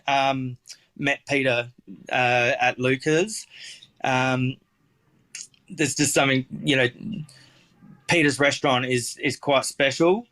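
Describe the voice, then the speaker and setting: A chef with an Australian accent tells stories in a casual interview, rambling along with lots of fillers and restarts. His voice is medium-pitched and a bit bright.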